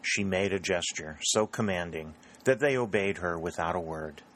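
A man narrating a novel as an audiobook reader, with a steady, even delivery. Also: low-pitched, moderate pace, poor audio. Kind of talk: scripted narration.

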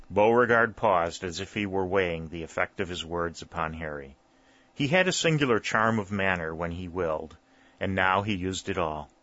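A man narrates a historical novel in a steady, measured reading. His voice is deep with a bright edge, recorded close and dry. The sound is dull and lo-fi. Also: dry recording. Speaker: audiobook narrator. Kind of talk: scripted narration.

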